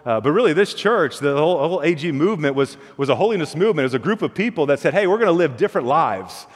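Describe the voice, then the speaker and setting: Male pastor, sermon, folksy storytelling, repeats words, slightly high voice, long hall reverb. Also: animated, very fast, husky.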